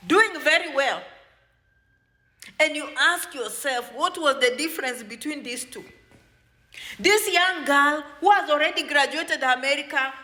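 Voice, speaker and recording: A woman's voice: sits high, bright, forceful tone. A woman giving a motivational advice talk to her viewers, lecturing them directly and peppering it with rhetorical questions. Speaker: advice vlogger for immigrants.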